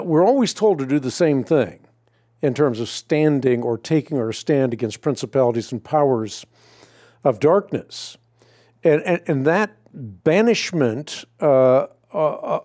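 Mellow-voiced male radio host. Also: a little high. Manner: measured, explanatory, restarts phrases. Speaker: radio call-in show host. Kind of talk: answering a caller's Bible question.

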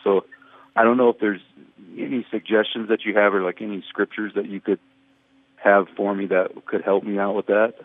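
A man calls in over a thin, tinny phone line, hesitant and searching for the right words. His voice is low and dry. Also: level tone, moderate pace, no echo. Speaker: caller, church leader. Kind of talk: phone-in question.

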